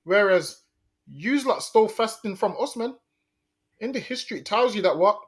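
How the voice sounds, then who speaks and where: A man's voice: high voice, lively intonation, moderate pace, slightly rough. A man co-hosting a casual commentary talk show, blunt and emphatic, often repeating his points. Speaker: co-host.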